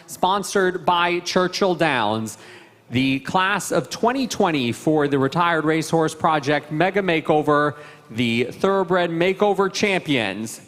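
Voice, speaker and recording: A man with a fairly high voice calls out award winners at a live horse event. He announces in a formal, ceremonial way, and his voice rings with long reverb through a large indoor arena. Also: fairly bright tone.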